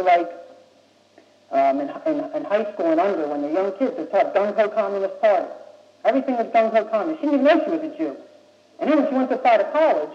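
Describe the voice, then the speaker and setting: High-voiced young man giving a blunt speech. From United States. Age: young adult. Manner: blunt, streetwise and insistent. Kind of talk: impassioned speech. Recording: old muffled recording in an echoey room.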